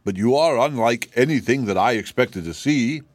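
A man's voice: medium pitch, lively intonation, normal speed, no room sound, close to an everyday voice. A man voicing a proud, vain old male cab horse who talks down with lofty pity. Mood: indignant. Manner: boastful, pitying, lofty.

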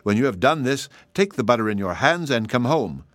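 A man voicing an exasperated mother who scolds her son loudly and emphatically in a storybook reading. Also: medium pitch, very animated, a little fast, no room sound, studio quality. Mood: scolding.

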